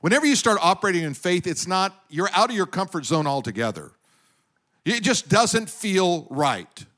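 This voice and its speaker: A middle-aged man preaching a sermon as pastor, animated, often asking the congregation questions. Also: sits high, moderate pace.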